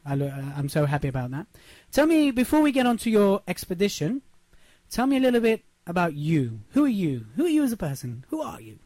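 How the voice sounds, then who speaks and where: A man's voice: sits high, wildly swooping pitch, a little fast, a little mellow, no echo. A man hosting a motivational radio show in a studio, talking emphatically and often checking in with "yes?". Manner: emphatic, repeats points, asks "yes?". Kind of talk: upbeat motivational radio talk. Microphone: studio microphone.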